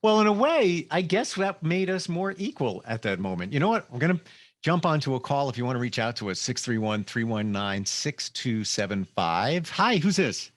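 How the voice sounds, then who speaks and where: A man's voice: mid-range voice, sing-song, moderate pace, no echo. A man hosting a radio talk show, upbeat and chatty as he takes calls and talks with his guest.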